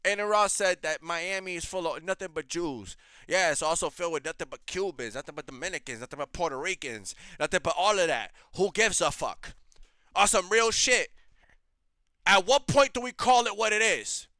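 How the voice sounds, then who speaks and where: A man's voice: sits high, expressive, moderate pace, bright, forceful tone, dry recording. A man hosting a reaction show, ranting in blunt, heated, profane commentary.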